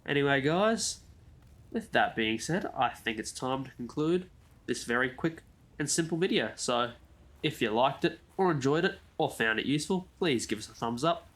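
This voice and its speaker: A man's voice: medium pitch, lively intonation, normal speed, a bit bright. A man giving a casual, chatty game walkthrough as a gaming YouTuber, drifting into side comments. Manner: easygoing, chatty, rambles into asides.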